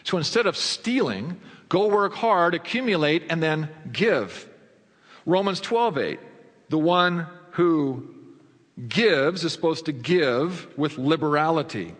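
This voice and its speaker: A man with a somewhat high voice delivers a sermon, putting questions to the congregation and answering them himself. His voice rings out with a long hall reverb, climbing high in fervent passages and dropping low in quiet ones. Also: lively intonation, slow pace. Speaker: pastor.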